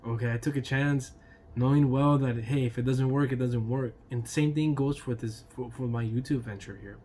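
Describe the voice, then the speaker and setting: A man's voice: medium pitch, steady tone, normal speed, warm tone. A man with an ordinary mid-range voice rambles through a storytime vlog in a loose, chatty way. He laughs between lines, swears casually and keeps checking in with "right?" and "you know". A faint hiss sits under the recording. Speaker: YouTube storyteller.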